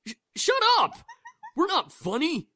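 A hot-tempered incubus who snaps and grumbles in a lively voice. He sounds irritable in every line. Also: very high-pitched, measured pace, heavily acted. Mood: grumpy. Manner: snappy, irritable.

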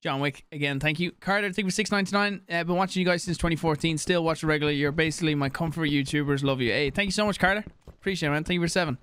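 A man's voice: a little high, rapid-fire, few pauses, clear, resonant tone, dry recording, studio quality. A young Irish man chatting casually while he plays a game on a live stream, rambling, swearing and thanking viewers for donations. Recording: steady background noise with mouse clicks.

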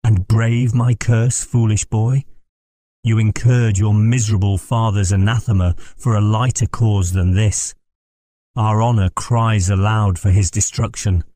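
A man's voice: fairly low pitch, steady tone, measured pace, warm tone, no room sound. A man voicing a stern imperious noblewoman. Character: stern proud aristocratic mother, a noblewoman. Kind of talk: audiobook character voice.

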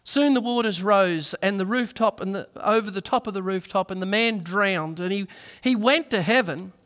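High bright-voiced preacher. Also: male voice, moderate pace. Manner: earnest storytelling, acts out voices in anecdotes. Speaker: pastor. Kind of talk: sermon. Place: church. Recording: reverberant church hall.

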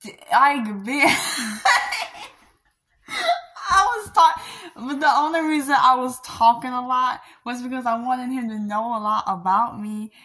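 A woman's voice: on the high side, steady tone, moderate pace, pushed and bright. A young woman venting to her viewers about a rejection, rambling with sighs, trailing off and nervous laughs. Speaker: vlogger. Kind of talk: emotional rant to camera.

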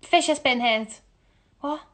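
A woman's voice: a little high, slow pace, fairly bright tone. A woman playing a word-guessing game into her phone at home, repeating phrases aloud with incredulous outbursts. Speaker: musical theatre performer. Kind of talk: casual selfie video game.

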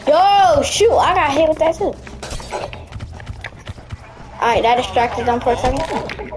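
A woman giving excitable, trash-talking commentary while playing a video game, often shouting at the screen. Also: high voice, measured pace, rough recording. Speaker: gaming video creator. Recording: loud game music underneath.

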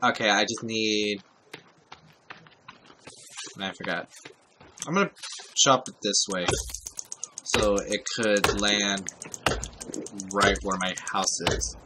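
A man's voice: lowish voice, fairly even intonation, takes it slowly, long pauses, background noise. A man giving casual let's-play commentary, talking to himself while he plays and swearing often. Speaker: gameplay commentator.

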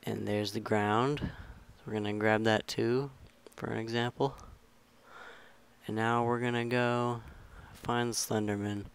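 A young man talks through a game modding tutorial in a low, smooth, clear voice. His delivery stays flat and even as he rambles and corrects himself along the way. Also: takes it slowly. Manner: rambling, self-correcting, relaxed instructions. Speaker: tutorial maker. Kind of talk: casual screen-recorded game tutorial.

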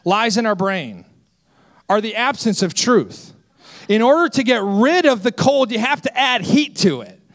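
A man in his twenties, a senior associate pastor, preaching a sermon with lively self-deprecating stories. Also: high-pitched, a little slow. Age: 20s. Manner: energetic, storytelling with self-deprecating humor.

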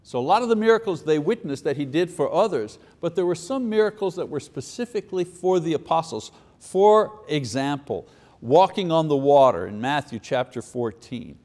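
A man teaching a Bible lesson in a casual, conversational way, slipping into quick voices for people in the story. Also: a little high, expressive, darkish tone.

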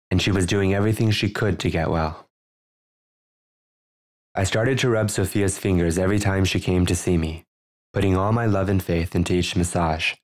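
Low-voiced man narrating his memoir. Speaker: author narrating his own book. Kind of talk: audiobook narration.

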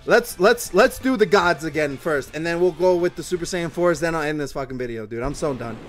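A young man runs a mobile game channel and gives casual, excitable commentary as he pulls summons. Speaking brisk and fairly high, he swears often and lurches from gloomy muttering to shouting.

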